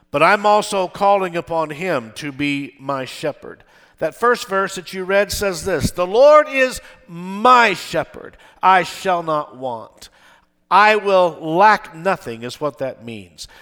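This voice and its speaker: A man's voice: sits high, lively intonation, a little slow, a bit bright. An older man preaching a sermon to his congregation, with emphatic delivery, often asking them to respond. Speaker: pastor. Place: church with balcony.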